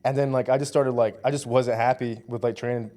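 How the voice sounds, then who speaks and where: A man's voice: mid-range voice, a little fast. Chatty young man telling a story. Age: 20s. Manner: animated storyteller, fillers like "like" and "dude". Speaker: powerlifter guest. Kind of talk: casual conversation.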